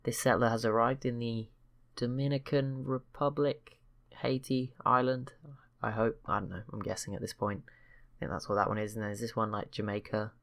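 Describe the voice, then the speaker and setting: A man's voice: mid-range voice, fairly even intonation, moderate pace, vocal fry, a bit bright. A man hosting a strategy game channel, chatting casually over gameplay with rambling, self-correcting remarks and wry teasing asides. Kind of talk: casual let's-play commentary.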